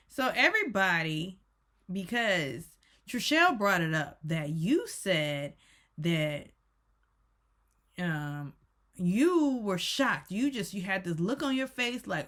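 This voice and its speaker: Woman reviewer with a slightly low voice, casual, rambling, self-correcting recap. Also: big pitch swings, a little slow, a bit bright. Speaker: YouTube reviewer.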